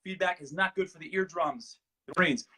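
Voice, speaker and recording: A man hosting a fitness show, leading an exercise demo and then chatting in an energetic, jokey, rambling way, a little out of breath. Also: a little high, normal speed, slightly rough. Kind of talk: exercise demo and casual podcast chat.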